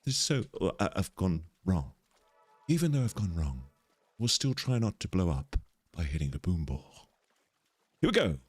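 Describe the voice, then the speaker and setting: Low-voiced man chatting through a game stream. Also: sing-song, normal speed, pauses often, husky, dry recording, soft background music. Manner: chatty, playful, talks through what he is doing. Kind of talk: casual live-stream chat while gaming.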